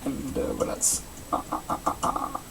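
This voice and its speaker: Speaking with an Italian accent in a slightly bright voice, a young adult vlogger who does seasonal campsite entertainment chats casually. The talk is halting and wandering, full of fillers and false starts, and a distant mic picks up faint background noise.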